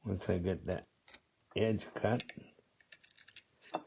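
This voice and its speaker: An older man with a very deep voice talks slowly through a workshop demonstration, rambling a little and repeating himself as he works. The audio is dull and lo-fi. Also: steady tone, creaky, darkish tone, slight background noise. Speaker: gunsmithing instructor.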